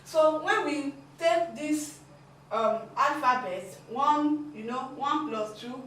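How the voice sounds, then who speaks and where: A woman's voice: high voice, slow, fairly bright tone, slight background noise. A woman giving a language lesson, explaining patiently and repeating her points. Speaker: language teacher. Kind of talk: classroom lesson. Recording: echoey room, mic at a distance.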